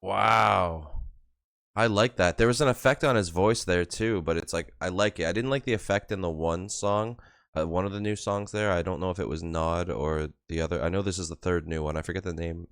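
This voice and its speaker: A young man with a very low voice gushes over a song he is hearing, his talk full of "like". He holds his voice down in a room at home, and the sound is close and dry with no room echo. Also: brisk, clear, resonant tone. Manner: excitable, gushing, peppered with "like"; keeping voice down, hushed asides. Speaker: music reaction host. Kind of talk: music reaction commentary. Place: room at home, early morning, neighbor behind wall.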